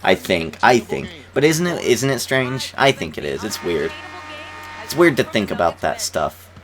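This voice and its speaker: With a fairly low but slightly bright voice, this YouTuber in his twenties swings widely in pitch and speaks a little slowly. He chuckles and repeats words while casually narrating a basketball game he's playing.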